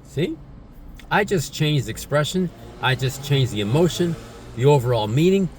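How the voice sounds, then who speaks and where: A man's voice: on the high side, expressive, normal speed, a little mellow, a little hiss or hum. A man giving a casual spoken English lesson, repeating himself and tagging questions onto his points. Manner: repetitive, tag questions like "right?" and "isn't it?". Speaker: English teacher.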